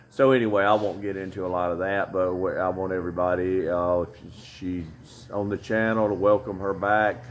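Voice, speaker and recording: A man's voice: deep voice, a little hiss or hum. A middle-aged man with a Southern US accent, giving a rambling, folksy vlog update full of fillers. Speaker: vlogger. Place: outdoors on a tropical building site.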